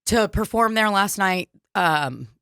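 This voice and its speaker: A woman's voice: mid-range voice, animated, takes it slowly, fairly bright tone, clear, resonant tone, no echo, clean studio sound. A woman co-hosting a comedy podcast, telling stories in casual chat, swearing freely and acting out what people said. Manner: swears freely, acts out quotes. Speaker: podcast co-host.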